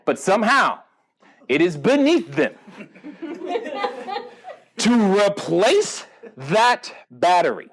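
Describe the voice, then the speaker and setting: Animated man quizzing a live audience. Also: sits high. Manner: animated storyteller, quizzes the audience, acts out dialogue. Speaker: podcast host speaking at a live seminar. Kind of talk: live seminar talk with audience interaction. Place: event room with a live audience.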